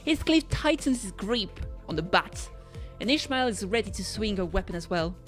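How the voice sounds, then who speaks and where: A woman streamer reads a game's story aloud at a middle pitch, now and then tripping over a word and fixing it. Quiet music plays under her voice. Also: expressive, normal speed. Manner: stumbles and self-corrects while reading.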